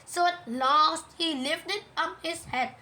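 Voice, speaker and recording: A woman reading a children's storybook aloud in a gentle, measured way. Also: very high voice, poor audio.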